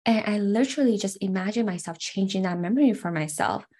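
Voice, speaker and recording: Speaking quickly in a mellow, mid-range voice, a young adult woman tells a reflective personal story. She is earnest and heartfelt, with frequent "like" and "right."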